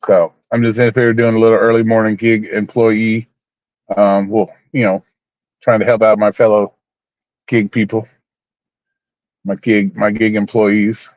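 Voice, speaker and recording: A man's voice: on the low side, level tone, measured pace, pauses often, no room sound. Rambling guy, dull dry stream audio. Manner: rambling, repeats himself, talks to chat by name; blunt, swears, mock-preachy. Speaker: livestream host. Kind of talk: casual livestream chat.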